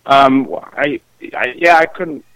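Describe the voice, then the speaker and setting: A middle-aged man, a musician, talking in a casual interview, halting and full of restarts and fillers. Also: medium pitch, steady tone, fairly bright tone, smooth, no room sound, low-quality recording. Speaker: musician guest.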